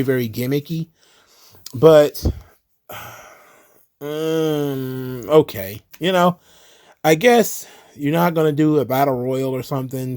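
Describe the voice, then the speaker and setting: A man's voice: fairly high pitch, darkish tone. Sarcastic, ranting male wrestling commentator.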